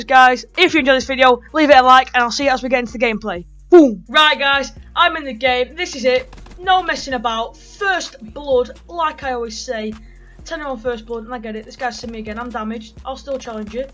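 A teenage boy giving excitable gaming commentary, yelping and swearing freely as he plays. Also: very high voice, fast, faint music behind. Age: teens. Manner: excitable, loud, swears a lot, yelps in pain. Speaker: gaming YouTuber.

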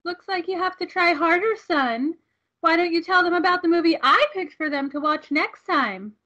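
A woman's voice: extremely high pitch, normal speed, bright, forceful tone, dull audio. A woman playing a smug, teasing villainous mother figure.

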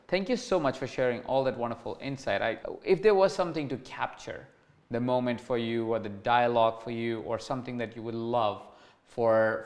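A man with an Indian accent hosting an interview, warm and hesitant, often restarting his sentences. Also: medium pitch, vocal fry. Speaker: interviewer, host. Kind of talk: conversational interview.

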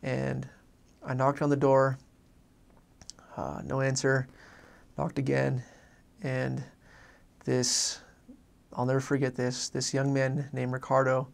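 A young man, a former missionary, telling a personal story in a halting way, repeating words and filling pauses. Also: medium pitch, completely flat delivery, vocal fry.

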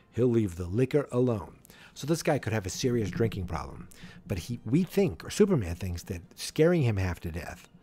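A man's voice: fairly low pitch, warm tone, breathy edge. A man hosting a podcast, casually recapping a comic in a chatty, wry way with asides. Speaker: podcast host.

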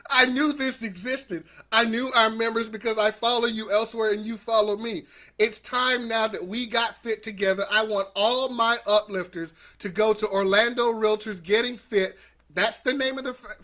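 Middle-aged male host, upbeat motivational livestream, repeats lines for the audience, bright and forward tone. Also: high voice. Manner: energetic, repeats lines for viewers to echo; greets viewers by name. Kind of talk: upbeat motivational live talk.

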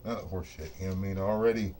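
Speaking at a racing pace in a low, mellow voice, this middle-aged craps dice-control host rants off the cuff and with plenty of profanity straight to camera. He's in a home studio built for dice rolling, and a faint hiss or hum sits under the audio. Boastful and worked up, he keeps reaching for "you know what I mean."

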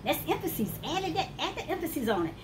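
A woman's voice: high-pitched, very animated, fast, noisy background. A woman preaching a fervent sermon, repeating phrases for emphasis and calling out "woo" as she goes.

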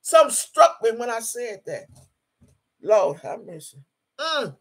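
A woman in her sixties with a bright, sharp, husky voice on a livestream. She reads out viewer comments and preaches with fervor, driving her phrases home by repeating them. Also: on the high side, sing-song, unhurried. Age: 60s. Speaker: livestreaming YouTuber. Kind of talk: emotional livestream chat reading viewer comments.

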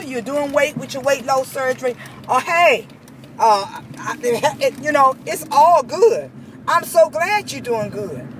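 High-voiced woman ranting over traffic. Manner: heated, repetitive, emphatic. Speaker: vlogger. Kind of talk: angry personal rant.

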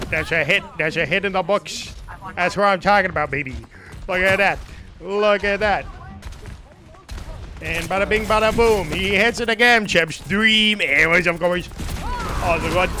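Male streamer, high-pitched, excitable running commentary while playing. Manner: excitable, jokey, repeats phrases. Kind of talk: live gameplay commentary.

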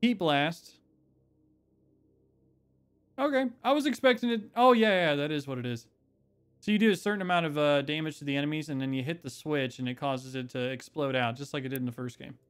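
A man giving casual, jokey commentary while playing a video game, breaking into excited exclamations. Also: fairly high pitch, fairly quick, clean tone. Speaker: let's play streamer. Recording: loud game music behind voice. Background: game soundtrack and sound effects.

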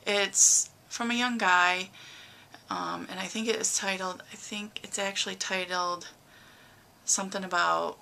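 A woman's voice: medium pitch, steady tone, unhurried, creaky, pushed and bright. A middle-aged woman giving a rambling, emotional personal update in her vlog, with lots of fillers. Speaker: vlogger.

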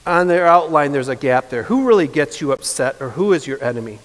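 A man, preaching a sermon as pastor, earnest and building to impassioned emphasis before dropping soft. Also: on the high side, lively intonation, a little fast. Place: church sanctuary. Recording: long reverb of a church hall.

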